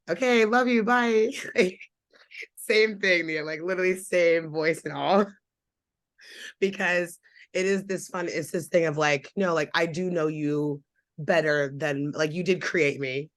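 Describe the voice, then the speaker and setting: A woman's voice: sits low, no echo. Chatty young woman, dry sound. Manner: chatty, filler-heavy. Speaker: panel guest, daughter. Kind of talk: casual panel talk.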